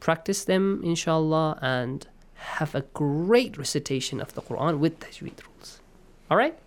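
A man teaching Quran recitation rules. He explains patiently, checks in with his students, and chants verses in a slow, stretched way. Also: on the high side, lively intonation. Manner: patient, checks in often with "okay?" and "yes?". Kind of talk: online class, explaining and reciting.

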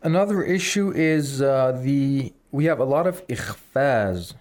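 A man's voice: mid-range voice, expressive, unhurried, few pauses, a little mellow. A man teaching Quran recitation on a radio program, explaining rules patiently and demonstrating examples.

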